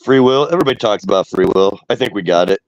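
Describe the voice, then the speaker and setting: Deep fast-talking man with a head cold. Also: animated, no room sound, highs cut off. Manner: fast, chatty. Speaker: panel guest. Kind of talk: casual panel discussion.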